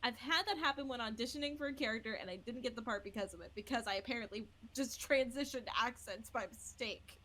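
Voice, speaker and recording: A woman's voice: on the high side, fast, few pauses, pushed and bright, low-quality recording. A woman hosting a casual podcast, chatty and self-deprecating, often laughing at herself. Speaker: podcast host.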